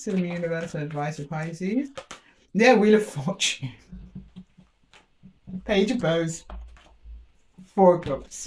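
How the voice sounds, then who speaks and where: A woman's voice: fairly low pitch, a little mellow. A woman talks through a tarot spread to the camera. She keeps it light and chatty, laughing a lot and slipping into little voices for the universe between cards. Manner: chatty and playful, laughs often, acts out the universe in quick asides. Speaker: tarot reader. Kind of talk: casual tarot reading to camera.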